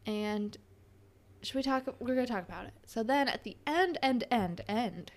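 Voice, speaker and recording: A woman's voice: a little high, animated, normal speed. A young woman co-hosting a podcast, chatting casually and giggling as she recaps a TV episode. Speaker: podcast co-host.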